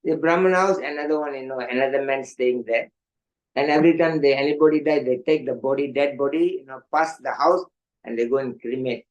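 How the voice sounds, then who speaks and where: An older man telling stories in an evening class, animated, laughing often and acting out voices, with many "you know" fillers. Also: medium pitch, poor audio. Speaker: monk giving an evening class. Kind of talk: storytelling sermon.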